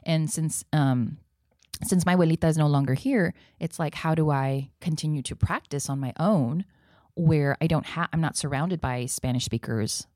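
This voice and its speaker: A woman from South Texas, an acting professor and actress, telling stories in a relaxed interview and slipping in Spanish phrases. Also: sits low, normal speed, dry recording, clean studio sound. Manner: animated storyteller who drops into Spanish phrases. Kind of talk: casual conversational interview.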